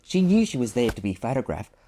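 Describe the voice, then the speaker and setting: A man's voice: mid-range voice, big pitch swings, fast talker, mellow, a little hiss or hum. A man in his fifties, a photographer, tells a personal story in an earnest, reflective and self-deprecating way, speaking into a clip-on microphone.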